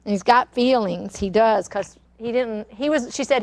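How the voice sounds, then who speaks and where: A woman's voice: fairly high pitch, fairly even intonation, a little fast, hardly any pauses, dry recording. An older woman, hosting a casual cooking demonstration and chatting in a rambling, storytelling way. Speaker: cooking show host. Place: kitchen studio.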